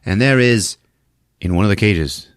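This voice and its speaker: A man hosting a podcast, recapping a movie in an animated, laughing comedic style. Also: lowish voice, normal speed, clean tone, no echo, studio quality. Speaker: podcast host.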